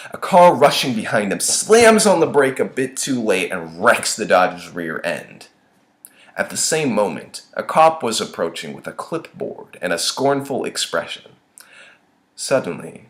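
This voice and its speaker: Young man, low voice, lively pitch, story reading, dramatic delivery. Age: young adult. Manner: expressive, dramatic swings in tone. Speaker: author reading his own story.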